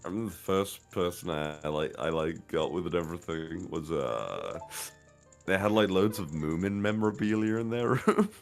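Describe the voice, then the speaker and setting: Low-voiced man telling crude stories. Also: lively intonation, normal speed, soft background music. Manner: laughs through his own stories, swears a lot. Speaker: streamer co-host. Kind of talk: casual crude chat while gaming.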